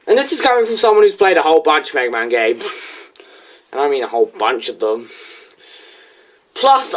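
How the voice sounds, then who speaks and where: A young video reviewer in casual, rambling commentary, answering a critic with restarts and asides. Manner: rambling, restarts, lively pitch swings.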